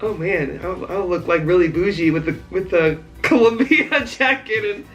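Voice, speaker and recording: A woman's voice: lowish voice, normal speed, faint music behind, low-quality recording. A woman vlogging at home, gushing and laughing as she unboxes a care package. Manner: excited, gushing, often laughing. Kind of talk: casual vlog unboxing.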